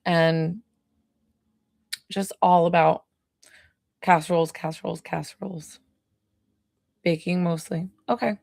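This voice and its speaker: A woman's voice: fairly low pitch, creaky, dry recording, clean studio sound. A woman doing a live psychic medium reading, rambling and hesitant with lots of fillers, sounding tired. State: tired, yawning.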